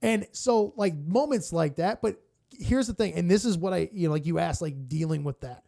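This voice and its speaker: A radio co-host tells stories as a podcast guest, and his voice sits high with a gravelly rasp running through it. He talks in an animated, profane way and acts out other people's quotes as he goes. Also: normal speed. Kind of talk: casual storytelling.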